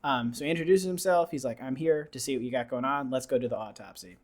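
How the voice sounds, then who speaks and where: A man's voice: mid-range voice, fast talker. A young man hosting a podcast, rambling casually through a movie recap and acting out the characters' lines. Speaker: podcast host. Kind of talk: casual movie review chat.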